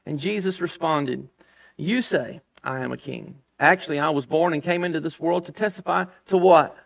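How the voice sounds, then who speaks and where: A man's voice: on the high side, normal speed, gravelly. A man preaching a sermon as pastor, emphatic, reading scripture aloud and dropping his voice for stress.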